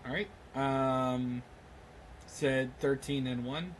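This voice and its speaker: A man running a tabletop game as game master, halting with many ums and uhs and often laughing. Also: mid-range voice, slight background noise.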